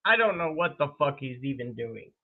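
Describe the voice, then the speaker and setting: A woman's voice: extremely low pitch, normal speed. A woman hosting a reaction commentary video, swearing freely and breaking into laughter. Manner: profane, laughing, animated. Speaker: commentary host. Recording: tinny phone-like sound.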